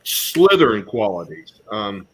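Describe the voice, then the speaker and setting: A man's voice: lowish voice, very animated, unhurried, fairly bright tone. A man moderating a casual panel discussion, musing aloud with frequent ums.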